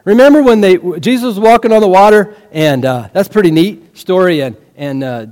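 A man preaching a sermon, telling the story in an animated way and throwing rhetorical questions at the congregation. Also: sits high, a little fast. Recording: long reverb of a large hall.

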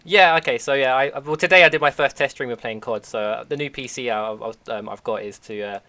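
A man's voice: mid-range voice, brisk, sharp tone, no room sound. A man chatting casually on a podcast, self-deprecating and losing his thread. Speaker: podcast co-host. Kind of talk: casual chat.

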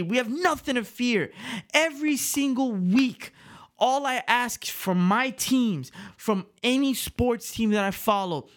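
A man's voice: sits high, a bit bright. A man hosting his podcast alone, hyped and emotional, swearing freely as he rants. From Miami, Florida. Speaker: podcast host. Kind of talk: excited solo podcast monologue. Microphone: video call. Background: hip hop music.

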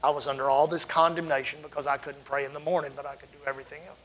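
A man's voice: on the high side, flat delivery, rapid-fire, a bit bright, poor audio. A middle-aged man from Texas, preaching a sermon as a fervent storyteller whose volume swells and drops suddenly.

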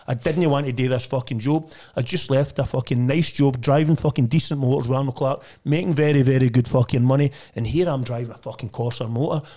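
Scottish man, lanarkshire accent, rapid-fire delivery, blunt, boastful, heavy swearing, casual chat. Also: medium pitch, warm tone. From Lanarkshire, Scotland. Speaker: estate agent, podcast guest.

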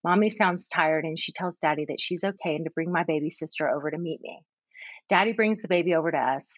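A woman reading aloud as a confused, jealous three-year-old older sibling, in a plain, gentle storytelling voice. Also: low voice, breathy edge, no room sound, highs cut off.

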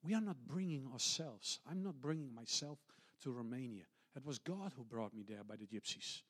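A man, a pastor and missionary, preaching a testimony sermon, swinging between loud passages and hushed, near-whispered ones, with slightly non-native English phrasing. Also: mid-range voice, lively intonation, moderate pace, slightly rough.

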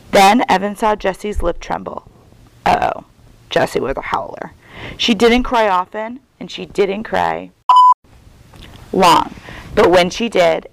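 A woman's voice: medium pitch, gravelly, no echo, rough recording. A woman reading a children's novel aloud as a guest reader, telling it expressively. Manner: expressive storytelling.

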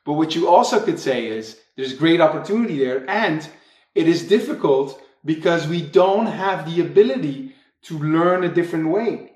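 A man's voice: a little high, normal speed. Storytelling man in an echoey room. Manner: storytelling, lively anecdotes with quoted voices. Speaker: podcast co-host. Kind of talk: casual podcast conversation.

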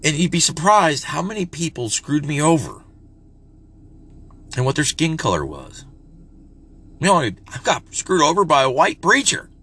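A man's voice: on the high side, sing-song, normal speed, pauses often, bright, forceful tone, husky. Guy in his 40s ranting, cussing a lot, fake redneck drawl, blunt. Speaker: parent vlogger. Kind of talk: casual rant to camera.

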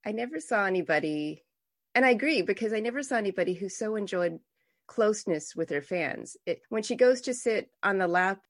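A woman's voice: mid-range voice, expressive, a little fast. Effusive, enthusiastic woman host. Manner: enthusiastic and effusive, with frequent restarts. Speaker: podcast host. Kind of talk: conversational interview.

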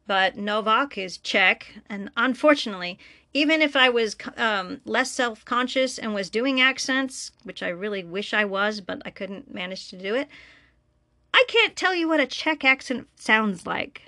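Bright-voiced chatty woman podcaster. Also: mid-range voice, animated, normal speed, no room sound, studio quality. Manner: chatty, self-deprecating, laughs often. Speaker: podcast host and story reader. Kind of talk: casual solo podcast chat. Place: room alone.

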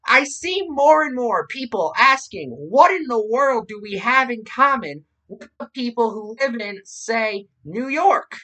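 A woman's voice: fairly high pitch, expressive, unhurried, hardly any pauses, a bit bright, voice pushed up. A woman putting on a mocking impression of a blustering older male radio talk host. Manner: mocking, exaggerated.

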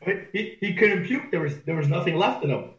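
A man's voice: sits high, expressive, brisk, a bit bright, highs cut off. Coach guest, male, easygoing storyteller, roomy call sound. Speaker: powerlifting coach. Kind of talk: casual storytelling on a podcast.

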